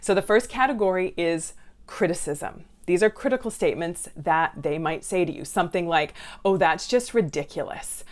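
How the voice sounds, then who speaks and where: Low-voiced woman counsellor giving advice. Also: moderate pace. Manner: conversational and direct, asks viewers questions; acts out what family members say. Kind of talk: advice video to viewers.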